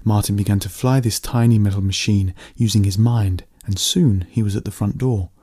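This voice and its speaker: A man reading a story aloud in a steady, plain narrating voice. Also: fairly low pitch, normal speed, husky.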